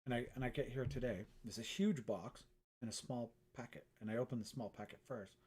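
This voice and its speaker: A man's voice: medium pitch, a little fast, a little mellow, a little hiss or hum. A middle-aged man, a painter, chatting casually on a live stream from his art studio, rambling and self-mocking and swearing freely.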